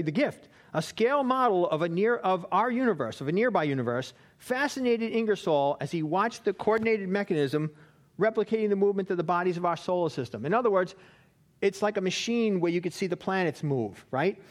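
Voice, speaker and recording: Bible class teacher, male, high voice, casual conversational delivery. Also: lively intonation, fairly quick. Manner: chatty, checks in with listeners with "right?".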